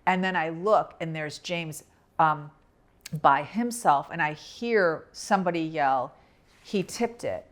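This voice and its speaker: Animated woman retelling a family trip. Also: low voice, unhurried. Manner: animated, retells with quoted dialogue. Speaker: podcast co-host. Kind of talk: casual storytelling chat.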